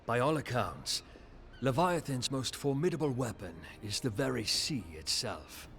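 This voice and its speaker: A man voicing a thoughtful marshal in a game cutscene, speaking formally and in measured tones. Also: medium pitch, very animated, crowd noise. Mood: earnest.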